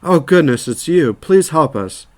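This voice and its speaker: A man's voice: fairly high pitch, expressive, a little slow, pitched above the performer's own voice. A man voicing a distressed older village woman who pleads urgently for help. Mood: pleading.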